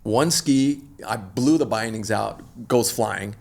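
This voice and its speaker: A middle-aged man, an extreme athlete guest, telling a story in an animated, slangy, laid-back way. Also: fairly low pitch, takes it slowly, vocal fry. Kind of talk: casual storytelling interview.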